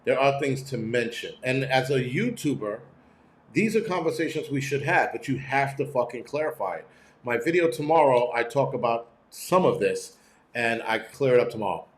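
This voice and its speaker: A man's voice: mid-range voice, lively intonation, moderate pace, echoey room, a little hiss or hum. A middle-aged man hosting a prepping channel, talking in a profane, blunt, rambling livestream rant from home. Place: room at home.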